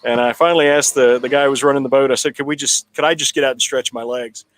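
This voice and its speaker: A man in a town hall conversation telling a long personal story in a relaxed, rambling way with frequent restarts. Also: medium pitch, fast talker. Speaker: political candidate guest.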